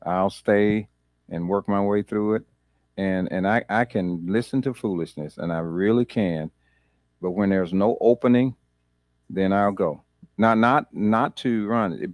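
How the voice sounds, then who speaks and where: A man's voice: on the low side, darkish tone, no echo, studio quality. A man pastor leading a Bible study, talking conversationally, repeating words and laughing easily.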